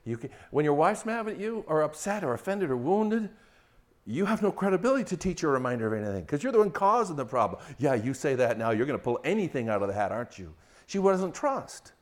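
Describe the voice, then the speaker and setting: An older man preaching a sermon on marriage, swinging from loud mocking quotes to hushed, intimate storytelling. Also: fairly high pitch, very animated, fast. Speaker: pastor.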